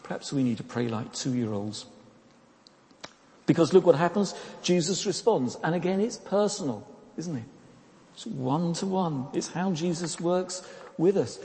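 A man's voice: fairly high pitch, expressive, measured pace, a little mellow. A man preaching a sermon in a conversational way, often asking rhetorical questions and repeating words as he goes. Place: church. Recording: long reverb of a church hall.

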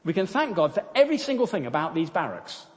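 A man's voice: sits high, wildly swooping pitch, moderate pace, darkish tone, long reverb tail, voice pushed up. Betsy, a serene, faithful woman, as a man puts her on. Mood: eager. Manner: matter-of-fact, eager, encouraging.

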